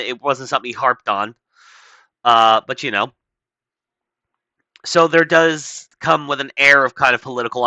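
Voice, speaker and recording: A man's voice: medium pitch, bright, forceful tone, no room sound, rough recording. Blunt, sarcastic male political commentator. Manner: blunt, sarcastic, profane asides. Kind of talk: casual reading and commenting on an article.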